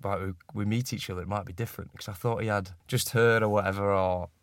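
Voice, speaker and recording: A man's voice: on the low side, steady tone, fast, dry recording. A man in his thirties with a Northern English accent, chatting casually as a guest and laughing at himself often. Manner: laughs often, self-deprecating. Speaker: guest rugby player. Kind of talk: casual chat.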